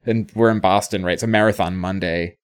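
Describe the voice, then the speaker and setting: A man's voice: sits low, fairly even intonation, fairly quick. A man co-hosting a podcast, talking casually and often asking for agreement. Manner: chatty, asks for agreement with 'right?'. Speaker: podcast co-host.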